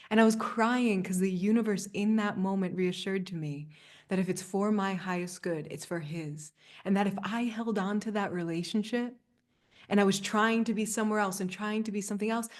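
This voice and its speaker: A woman in her thirties coaching a group over a video call, earnest and soft-spoken, with frequent fillers and little laughs. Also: medium pitch, moderate pace. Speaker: spiritual coach leading a group session. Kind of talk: live community coaching session.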